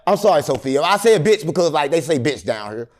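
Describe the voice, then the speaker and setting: High-voiced man telling rambling stories. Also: fairly quick. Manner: animated, rambling, deadpan joking. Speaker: interview guest. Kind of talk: rambling storytelling in casual interview.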